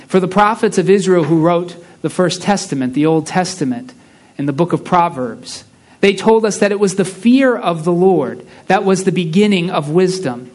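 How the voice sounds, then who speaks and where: A man preaching a sermon, reading a story aloud with slow, hushed emphasis on key lines. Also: high voice, animated.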